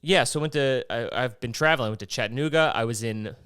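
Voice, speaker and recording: A man's voice: mid-range voice, fast, a bit bright, smooth, no room sound, studio quality. A man from Maryland hosting a casual solo podcast, rambling and profane and jumping between topics. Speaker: podcast host.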